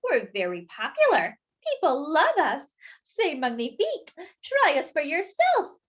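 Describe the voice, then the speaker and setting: A woman's voice: sits high, huge pitch swings, measured pace, highs cut off, voice pushed up, full character voice. A woman voicing a chorus of proud, cheerful doughnuts who boast in a sing-song way.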